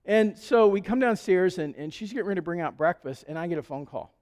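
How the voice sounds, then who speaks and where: A male pastor tells stories from the pulpit in a high, easygoing voice. His relaxed sermon rings out through a church with a long reverb. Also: fast talker. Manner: conversational storytelling with chuckles. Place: church sanctuary.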